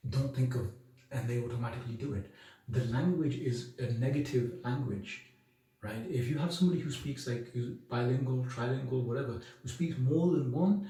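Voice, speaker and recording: A man's voice: mid-range voice, dark tone, distant mic. A man talking straight to his viewers in an emphatic, preachy way, firing off rhetorical questions. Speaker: video blogger. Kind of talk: monologue to camera. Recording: very echoey room, voice from the mic.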